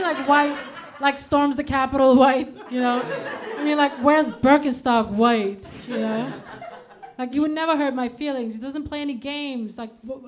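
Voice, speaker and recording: A woman in her thirties from Denmark performing a stand-up comedy set in a club, with deadpan punchlines and animated put-on quotes. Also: high-pitched. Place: comedy club stage before a live audience. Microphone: handheld stage microphone. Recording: live club recording, audience laughter clearly heard.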